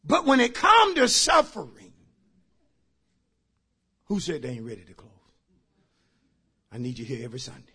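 Man, pastor, sermon, husky, very lively pitch, shouts and hushes. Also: moderate pace, pauses often. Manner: dramatic preaching, swinging from shouts to near-whispers.

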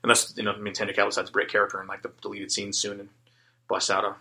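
A man chats quickly and teasingly in a casual podcast conversation. His voice is bright and quick. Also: lowish voice, completely flat delivery. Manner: teasing, fast-talking. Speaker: podcast co-host. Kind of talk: casual chat.

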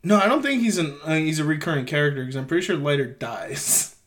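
Man with a high voice, podcast co-host, jokey and crude, laughs often. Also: animated, quick pace, fairly bright tone. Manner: jokey and profane, laughs a lot. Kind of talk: casual film recap chat.

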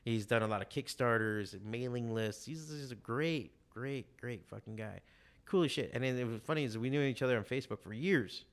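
A man, a comic shop owner guest, talking in a rambling, profane, animated casual chat full of fillers. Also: mid-range voice, brisk.

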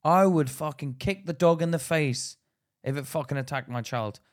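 A man's voice: on the high side, moderate pace. A young man from Northern Ireland with a Northern Irish accent, co-hosting a podcast and ranting bluntly with heavy swearing. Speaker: podcast co-host. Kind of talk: casual banter.

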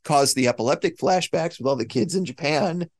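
A man's voice: on the high side, fairly quick. A man in his thirties or forties co-hosting a podcast, chatting casually with knowing asides. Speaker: podcast co-host. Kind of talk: casual chat.

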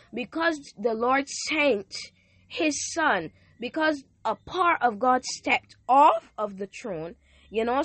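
A woman's voice: medium pitch, dry recording. A woman hosting a devotional podcast, preaching fervently and reading scripture aloud as her voice starts to go. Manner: fervent, builds to loud exclamations, reads scripture aloud. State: losing her voice. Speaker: podcast host giving a devotional. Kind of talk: informal preaching.

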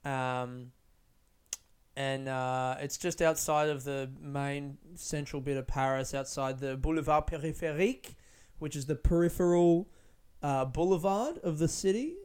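A man's voice: on the high side, unhurried, a little mellow, clear, resonant tone. A man hosting his own podcast in casual solo chat from a friend's living room, rambling, laughing and swearing freely as he mocks himself. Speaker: podcast host.

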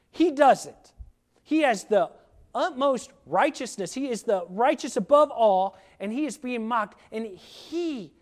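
Male preacher, high tenor register, earnest and emphatic sermon delivery.

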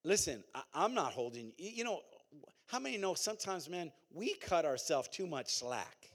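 Pastor guy preaching, kinda high voice, lots of call and response, chatty. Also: very animated, moderate pace. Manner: conversational, repeats phrases. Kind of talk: sermon.

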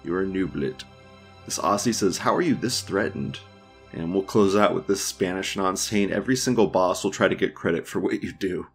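A man's voice: sits low, a little fast, gravelly, faint music behind. A man hosting a podcast, casually reading forum posts aloud with crude jokes and frequent laughter. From United States. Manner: crude, joking, laughs often. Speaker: podcast host.

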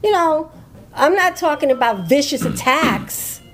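A woman's voice: high-pitched, very animated, unhurried, a bit bright, faint music behind. Talkative woman podcast co-host. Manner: talkative, earnest, frank. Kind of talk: casual unrehearsed chat.

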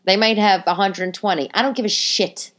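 A woman's voice: medium pitch, normal speed, fairly bright tone. A woman in her thirties hosting a casual solo podcast from home, venting in an exasperated, swearing rant. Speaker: podcast host. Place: home living room.

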